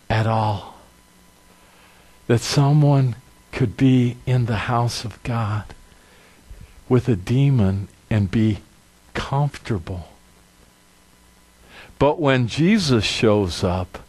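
A male pastor preaching a sermon with emphatic, dramatic delivery. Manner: animated, emphatic, dramatic drops to a low voice.

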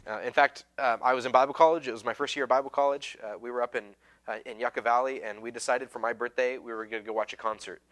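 A man's voice: medium pitch, steady tone, fast, a bit bright. A man preaching a sermon as a pastor, telling stories in a casual, self-deprecating way with lots of fillers and restarts.

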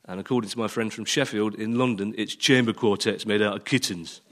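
A man on a radio comedy panel show, telling jokes and reading an advert in a deadpan way. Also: lowish voice, a little fast, heavy background noise. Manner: deadpan jokey delivery.

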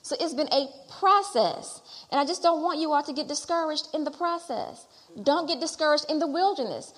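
A middle-aged woman preaching a sermon and telling her own testimony. She repeats phrases as she builds toward loud exhortation. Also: sits high, animated, normal speed. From Detroit area. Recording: long hall reverb.

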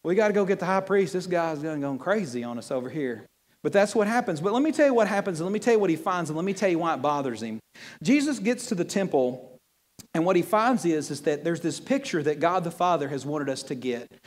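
High-voiced pastor preaching in a reverberant hall. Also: male voice. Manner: animated, joking, repeats words. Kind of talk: sermon. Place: church hall with audience.

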